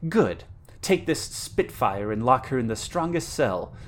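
A man's voice: mid-range voice, very animated, a little slow. A man voicing a cruel, scheming young witch princess in a dramatic story reading, with a gloating, mocking delivery. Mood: commanding.

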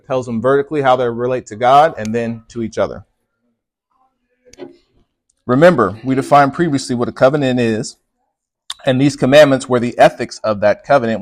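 A man's voice: medium pitch, no room sound. A man preaching a sermon to a congregation, pressing hard on key words and asking the room to respond. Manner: emphatic, punches key words, talks with the congregation. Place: church with congregation.

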